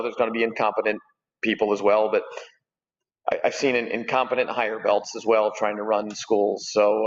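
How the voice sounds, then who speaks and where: A man's voice: on the low side, lo-fi sound. Rambling man in his forties, echoey. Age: 40s. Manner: easygoing, rambling with many fillers and restarts. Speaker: gym owner and guest. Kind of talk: casual podcast conversation.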